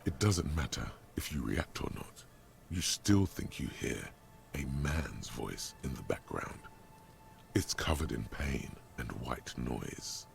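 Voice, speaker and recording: A man voicing a brooding game narrator, speaking in slow, ominous second person with a deep, gravelly voice. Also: expressive, soft background music, exaggerated voice. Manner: slow, ominous, dramatic pacing. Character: brooding omniscient male narrator voice.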